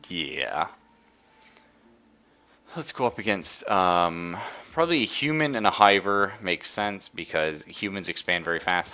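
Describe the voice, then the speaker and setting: A man's voice: sits low, pushed and bright. A man streaming a strategy game live, chatting casually and enthusiastically as he explains the mechanics while he plays. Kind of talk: casual live gameplay commentary.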